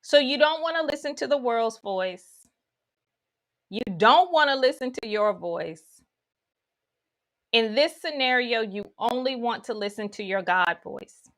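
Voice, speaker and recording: Slow-spoken woman teaching on faith. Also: fairly high pitch, animated, fairly bright tone. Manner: guides listeners through imagery, with folksy asides. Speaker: spiritual teacher. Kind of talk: spiritual teaching talk.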